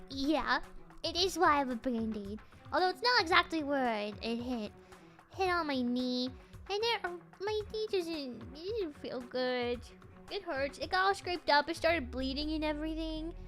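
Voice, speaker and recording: A woman's voice: high voice, a bit bright. A young woman streaming a game, chatting with her viewers in a bubbly, giggly way and greeting them again and again. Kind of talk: live game stream chat.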